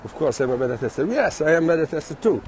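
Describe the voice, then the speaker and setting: A man's voice: a little high, very animated, fast talker, darkish tone, slight background noise. A man, hosting a casual outdoor livestream, reading out and thanking viewers' comments as he walks, a bit out of breath. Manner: reads viewer comments aloud and thanks them. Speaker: livestream host. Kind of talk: casual livestream chat while walking. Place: outdoors on city streets.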